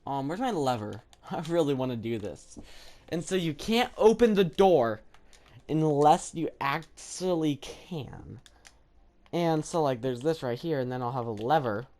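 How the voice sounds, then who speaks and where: A woman giving chatty, rambling commentary over her own gameplay, thinking aloud with lots of fillers and sudden bursts of excitement. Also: deep voice, unhurried. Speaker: gaming video creator.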